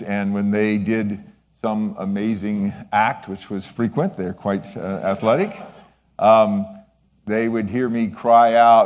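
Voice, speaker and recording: An older man giving a sermon-style testimony, earnest and halting, with frequent pauses and restarts, and a sentimental streak. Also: fairly low pitch, darkish tone, big-room sound. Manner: sentimental, voice wavering with feeling. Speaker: lay speaker sharing a testimony.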